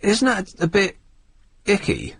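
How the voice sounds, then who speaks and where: A man's voice: high-pitched, huge pitch swings, slow, vocal fry, fairly bright tone, slightly rough, no echo. A man hosting a radio phone-in from the studio, talking in a dry, wry, hesitant way. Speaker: radio host. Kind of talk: late-night radio phone-in. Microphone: studio microphone.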